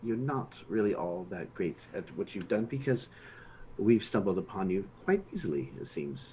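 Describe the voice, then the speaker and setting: A man's voice: on the low side, sing-song, normal speed. A man speaking as his character interrogates in a dry, sarcastic manner. His voice sits in the middle range and comes through a thin, phone-like line with a faint hiss. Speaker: player.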